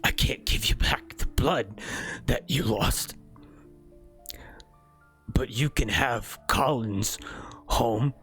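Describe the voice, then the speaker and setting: A man voicing a feeble, dying old gang boss who speaks in a slow, halting, breathy half-whisper. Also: mid-range voice, fairly bright tone, faint music behind. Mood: weak.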